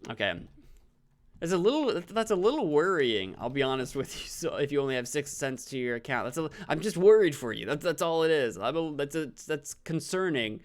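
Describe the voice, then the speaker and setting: A man's voice: fairly high pitch, big pitch swings, a little fast. A man casually commenting on his own gameplay during a live stream, chatting with viewers and poking fun at himself. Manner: chatty, self-deprecating, reads chat aloud.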